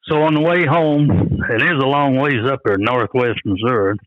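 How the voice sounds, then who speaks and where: A man's voice: mid-range voice, moderate pace, no echo, narrow, tinny audio. An older man telling rambling, folksy stories in an interview, often quoting what others said. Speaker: guest, coon hunter. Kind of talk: storytelling in an interview.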